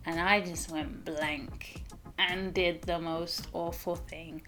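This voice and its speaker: A woman's voice: on the low side, slow, faint music behind. A woman with an English accent talking casually to camera in a vlog, a little mumbly. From England. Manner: mumbles a little, soft and chatty. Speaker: vlogger.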